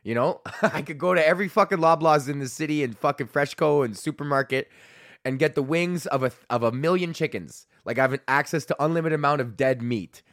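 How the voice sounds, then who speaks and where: A man's voice: a little high, fairly quick, fairly bright tone, dry recording, studio quality. A man hosting a podcast from home, ranting casually, swearing a lot and laughing at himself. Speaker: podcast host.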